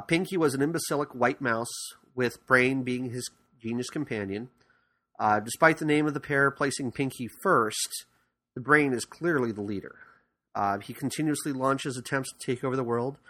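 Talking about cartoons on his podcast, this man rambles in a bright, forceful, medium-pitched voice. His casual commentary is full of fillers and false starts.

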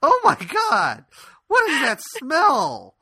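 Man doing a cranky old ex-Marine grandma, high and shrill, swooping wildly, bright edge, foul-mouthed and indignant. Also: huge pitch swings, slow pace, no room sound, studio quality, heavily acted. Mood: disgusted.

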